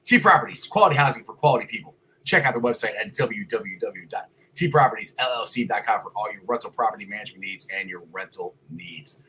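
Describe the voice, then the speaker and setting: A man hosting a casual sports talk show from a home computer, loud and excitable, rambling with restarts. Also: lowish voice, fast, few pauses, a little hiss or hum, rough recording. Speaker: podcast host. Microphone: computer mic.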